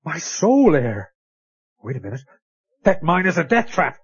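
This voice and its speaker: An actor playing a blustering, pompous old rich merchant in a comic radio play. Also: male voice, fairly high pitch, big pitch swings, moderate pace, husky, heavily acted. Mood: frantic. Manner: pompous, theatrical. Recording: dull lo-fi radio audio.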